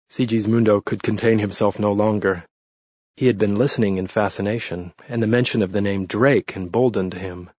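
A man narrating a historical novel in a wry, measured storytelling manner. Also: fairly low pitch, steady tone, a little mellow, husky, dry recording. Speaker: audiobook narrator. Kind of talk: scripted narration. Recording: muffled lo-fi recording.

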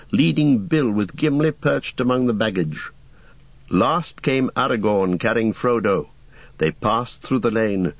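A man narrates a story at a measured, unhurried pace in a mid-pitched voice. The recording is dry and close, with a slightly dull, muffled top end. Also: no room sound. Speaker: audiobook narrator. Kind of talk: scripted narration.

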